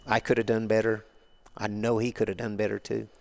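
A man's voice: on the low side, flat delivery, fairly quick, creaky. An older man, a guest on an interview show, telling rambling, colloquial stories in a casual way. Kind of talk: casual storytelling.

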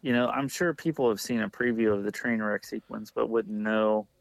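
A man co-hosting a casual movie podcast, relaxed, with short replies and casual swearing. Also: fairly low pitch, moderate pace, creaky, dry recording. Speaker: podcast co-host. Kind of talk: casual movie review chat.

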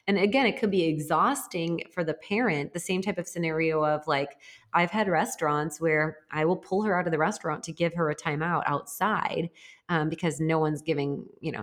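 Woman, low voice, casual chat, reflective and rambling, earnest. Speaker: podcast co-host and mother.

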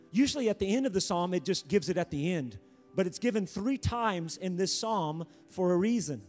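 High-voiced guy preaching, punchy and repetitive, soft music under him. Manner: emphatic, repeats phrases, rising to near-shouts. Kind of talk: sermon.

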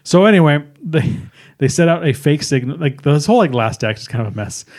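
A man's voice: on the high side, animated, a little fast, darkish tone. A man co-hosting a casual podcast chat, rambling through a film recap and acting out characters' lines.

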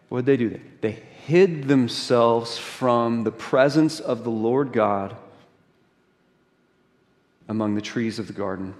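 A middle-aged man preaches in a relaxed, conversational way, building stories and throwing rhetorical questions at the congregation. His voice sits in an ordinary middle pitch. The sound rings with the long reverb of a large church hall. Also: slow pace, long pauses. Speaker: pastor. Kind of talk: sermon.

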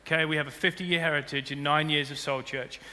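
A man preaching a sermon as pastor, building to loud emphatic peaks. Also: on the high side, steady tone, fast talker. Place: church auditorium. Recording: long hall reverb with faint music.

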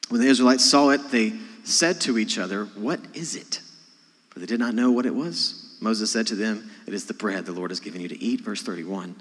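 A man preaching a sermon, talking to his congregation in a conversational way, rising to loud emphasis and dropping to quiet asides. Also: fairly low pitch, brisk. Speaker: pastor. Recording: long hall reverb.

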